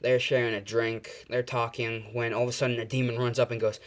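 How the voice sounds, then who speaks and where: A man's voice: mid-range voice, little pitch movement, brisk. A man telling an improvised fan-fiction story in a casual, rambling way, full of fillers and self-corrections.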